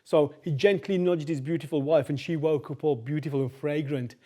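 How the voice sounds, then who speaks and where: A man telling a folk tale aloud in a chatty, animated way, talking straight to his listeners and repeating phrases for rhythm. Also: a little high, brisk. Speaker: storyteller. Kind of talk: oral folk-tale storytelling.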